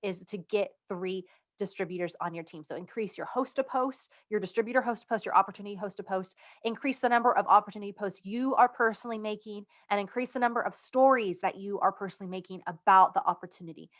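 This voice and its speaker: A woman's voice: mid-range voice, quick pace. A woman speaking as a direct-sales team leader, explaining rank requirements in a casual instructional video, upbeat and conversational, leaning on key words.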